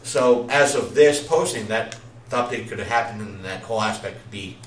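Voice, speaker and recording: A man's voice: on the low side, normal speed. A man hosting a casual podcast chat, rambling through news with many filler sounds and restarts. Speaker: podcast host. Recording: echoey room, distant mic, faint noise.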